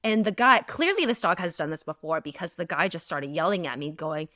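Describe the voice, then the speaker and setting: A woman in her thirties co-hosting a podcast, expressive, dropping to low asides and jumping to excited bursts. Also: brisk, no room sound, studio quality. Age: 30s. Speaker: podcast co-host. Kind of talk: casual chat.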